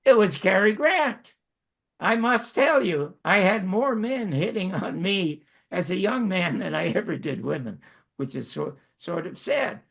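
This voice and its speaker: An elderly man in his nineties from Canada tells long stories about his own life in a wry, self-mocking way. His voice is gravelly and husky, set a little higher than most men's. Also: very animated, measured pace, a bit bright. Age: 90s. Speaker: host. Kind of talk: storytelling monologue.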